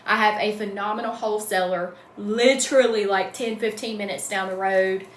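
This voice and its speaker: A woman's voice: mid-range voice, steady tone, moderate pace, roomy sound, a little hiss or hum. A middle-aged woman from North Carolina with a Southern accent, chatting casually on a livestream and greeting viewers by name. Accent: Southern American. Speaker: wreath-making livestream host.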